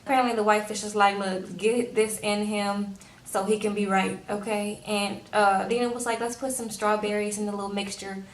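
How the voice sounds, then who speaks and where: In an echoey room, a young woman from Louisiana recaps a TV episode, chatting casually and sassily while acting out the characters' lines. Her voice sits at medium pitch, and she speaks at normal speed with a flat delivery. She's a TV recap vlogger.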